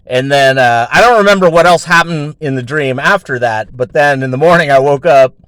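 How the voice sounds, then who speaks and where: A man's voice: fairly high pitch, brisk, fairly bright tone, clear, resonant tone, no room sound. A man hosting his own show, telling a story in a rambling, casual way with heavy swearing and lots of fillers. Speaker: show host.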